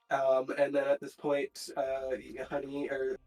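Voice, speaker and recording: Man game master, mid pitch, halting, filler-filled narration. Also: darkish tone, rough recording.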